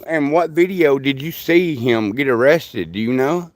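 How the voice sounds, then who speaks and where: Older guy on a livestream, slow easy talk, folksy rambling, dry close sound. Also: mid-range voice, dry recording. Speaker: livestream host. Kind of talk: casual live chat with viewers.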